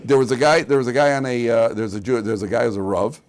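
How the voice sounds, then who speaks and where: A man's voice: mid-range voice, steady tone, fast talker, darkish tone. A man teaching a Torah class as a rabbi. He tells funny anecdotes, asks rhetorical questions, and quotes Hebrew verses.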